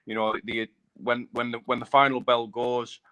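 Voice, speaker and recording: A man's voice: mid-range voice, little pitch movement, normal speed, bright, forceful tone, clear, resonant tone. A man, a bare-knuckle fighter, chatting casually and rambling, repeating himself and saying mate a lot. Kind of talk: casual live chat.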